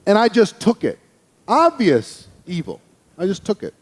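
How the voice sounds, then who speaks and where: A man telling a personal story in a lively speaking style, acting out the voices of the people in it. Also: high voice, unhurried, slightly rough, in a large hall. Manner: animated, acts out quoted voices. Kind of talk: storytelling speech.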